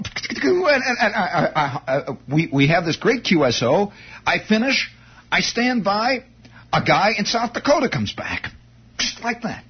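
An excitable man tells a comic anecdote in a high, husky voice, stammering and restarting as he builds momentum. The recording is muffled and lo-fi. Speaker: storyteller. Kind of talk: comic first-person anecdote.

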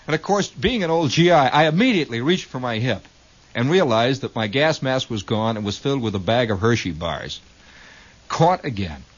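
A man's voice: mid-range voice, slightly rough. A man hosting a radio show, telling a rambling comic story in a wry, storytelling manner with mock-military asides, on a lo-fi old broadcast recording. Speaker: radio host.

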